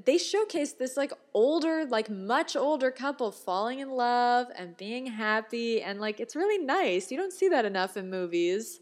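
A young woman in casual chat, animated and jokey, acting out quoted lines as she talks. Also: a little high, moderate pace, few pauses.

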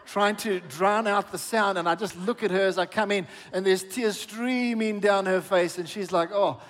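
A middle-aged man preaching a sermon as pastor, telling stories and calling out to the congregation with lively exclaims. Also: high voice, moderate pace. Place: church hall. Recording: long hall reverb.

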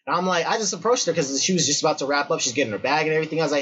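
A man's voice: fairly high pitch, lively intonation, rapid-fire, few pauses, noisy background. A young man hosting a casual podcast chat, telling stories in slangy, profane talk and acting out quoted lines. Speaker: podcast host. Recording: dull lo-fi recording.

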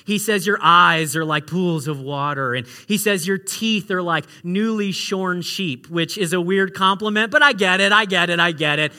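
A male pastor preaching with a high, bright voice and a cutting edge. His delivery is animated and playful, full of joking asides. He swings from loud, excited bursts down to quiet, hushed moments. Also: normal speed, hardly any pauses. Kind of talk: sermon.

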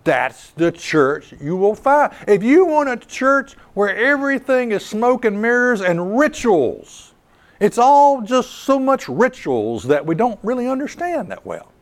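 A man preaching a sermon to listeners, animated and storytelling, with a teasing edge as he lists what people want from church. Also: very high-pitched, a little slow.

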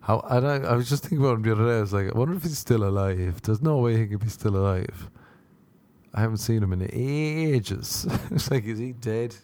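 A young man holds forth in a loose, rambling monologue, swearing freely and laughing at his own stories. His voice sits low and dark, with a relaxed, mellow tone. He has the easy timing of a stand-up comedian.

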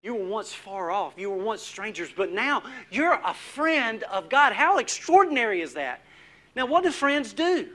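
A man preaching a sermon as pastor, putting questions to the congregation and dropping to a hush on key words. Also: high voice, big pitch swings, moderate pace. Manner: asks the congregation questions, drops to a hushed voice for emphasis.

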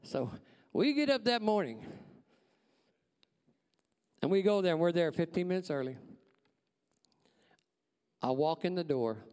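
Casting: man, lively storytelling testimony, big reverberant church hall. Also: high-pitched, unhurried, long pauses, smooth. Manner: folksy, animated storyteller acting out dialogue. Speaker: church staff member giving a testimony.

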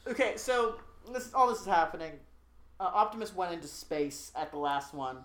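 A podcast co-host in casual chat, recapping a movie plot in a rambling, joking way with lots of fillers and quick asides. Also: medium pitch, animated, fairly bright tone. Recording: roomy echo.

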